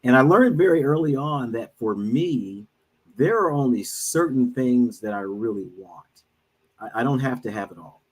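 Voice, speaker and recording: A middle-aged man speaking as a guest on an online talk, telling a personal story in an earnest, measured way with frequent pauses. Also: medium pitch, expressive, breathy edge, low-quality recording. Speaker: guest speaker, minister and financial advisor.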